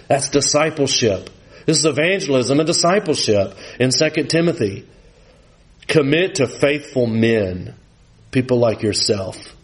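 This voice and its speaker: A man, preaching a sermon with animated, rising emphasis that drops low and quiet for scripture. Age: 40s.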